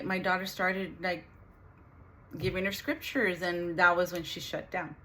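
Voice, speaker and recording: A middle-aged woman vlogging, telling a painful family story in an earnest, halting way with many restarts. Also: fairly low pitch, a bit bright. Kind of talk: emotional personal storytelling.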